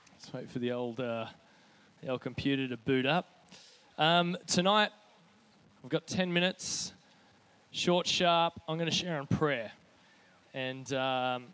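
A man's voice: fairly high pitch, fairly bright tone. A man leading a church gathering, joking with the group and then starting a short talk on prayer. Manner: upbeat and jokey, cheering on the previous speakers. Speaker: church youth leader giving a short talk.

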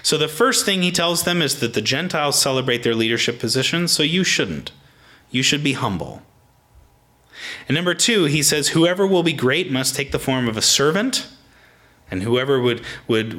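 A man's voice: mid-range voice, sharp tone. A man preaching a conversational sermon in a plain, casual way, often restarting his sentences.

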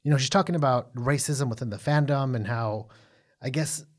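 A man co-hosting a casual recap chat, animated and profane, full of fillers and restarts. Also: medium pitch, a little fast. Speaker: podcast co-host.

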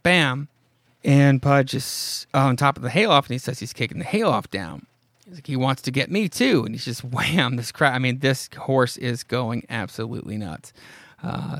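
A man's voice: medium pitch, a bit bright, dry recording. A man hosting a podcast, casually retelling a comic with fillers and asides. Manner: rambling, frequent fillers and asides. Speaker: podcast host.

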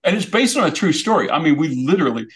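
Guest comedian, man, gravelly voice, lively comic delivery. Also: a little high, fast. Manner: comic, animated storytelling. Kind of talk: storytelling chat.

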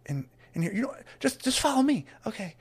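A man's voice: very high-pitched, sing-song, brisk, husky, voice pushed up, exaggerated voice. A man voicing a small, anxious young male tavern greeter who stammers and rambles when flustered. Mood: nervous.

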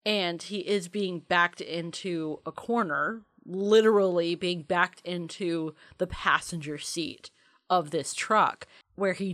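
A woman's voice: on the low side, a bit bright, no room sound. A woman co-hosting a podcast, chatting casually and playfully about a movie with an analytical bent. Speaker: podcast co-host.

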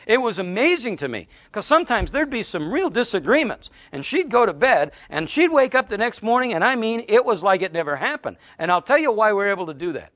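Male pastor, middle-aged, emphatic sermon delivery, lively pitch that swings up and down, dry close sound. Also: brisk, hardly any pauses, dry recording. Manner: emphatic, preachy, conversational storytelling.

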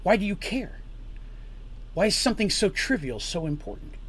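A man's voice: sits high, very animated, normal speed, a bit bright, slightly rough, pitched above the performer's own voice, exaggerated voice. A man voicing a desperate mother who pleads for her son through tears. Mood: pleading. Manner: pleading, choked with frustration.

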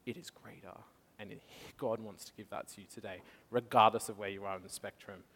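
A man's voice: lowish voice, steady tone, a little fast, gravelly, a bit bright, breathy edge. A man preaching a passionate testimony sermon in a church hall, telling his story with frequent laughs. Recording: long reverb of a church hall.

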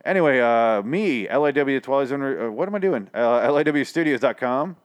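A man's voice: medium pitch, expressive, brisk, smooth. A tired man hosting a podcast, ranting about an episode in a rambling, profane, exasperated way. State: tired late at night. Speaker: podcast host. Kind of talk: casual podcast review rant.

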